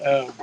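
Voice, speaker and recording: A man chatting casually on a date night livestream, joking and laughing between remarks. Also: rough recording. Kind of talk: casual chat. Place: restaurant, then picking up takeout.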